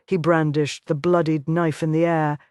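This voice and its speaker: An audiobook narrator reading a Western romance in steady, even storytelling. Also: medium pitch, moderate pace, no room sound, studio quality.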